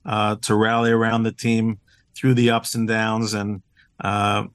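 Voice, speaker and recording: A man with a lowish voice speaks as a podcast guest who owns a team, in a casual interview. His delivery is completely flat and measured, yet upbeat and earnest, full of "uh" fillers and restarts. The tone is clean, with no echo and clean studio sound.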